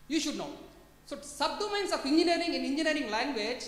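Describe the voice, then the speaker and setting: A woman's voice: high voice, expressive, brisk. A woman with an Indian English accent giving a talk to placement officers, often quizzing the audience and calling them sir. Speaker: industry guest speaker. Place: large conference hall. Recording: echoey hall with long reverb.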